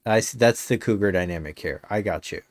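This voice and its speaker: A man's voice: lowish voice, brisk, dry recording. A male game streamer chatting casually on a live stream, rambling with many fillers and slipping in dry jokes.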